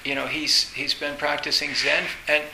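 A man giving a Zen dharma talk, telling personal stories in a halting way, restarting words and laughing now and then. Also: a little high, flat delivery, sharp tone. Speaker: Zen teacher. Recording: echoey room with faint hiss.

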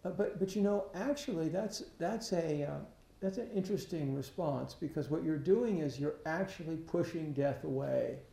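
A man giving a Buddhist dharma talk, halting, often restarting his sentences, and asking rhetorical questions. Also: a little high, vocal fry, dark tone. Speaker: Buddhist teacher. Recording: echoey room.

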